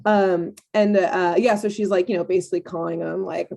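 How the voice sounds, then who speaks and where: A woman with a low, gravelly, warm voice co-hosts a podcast, recapping a cartoon episode at a moderate pace with fairly even intonation. It's casual chat, rambling and loose, packed with fillers and frequent laughter.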